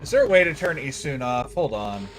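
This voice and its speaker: A man streaming a video game, frustrated, talking casually to himself as he plays, swinging from low muttering to sudden loud outbursts. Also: very animated, a little fast. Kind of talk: casual gameplay commentary.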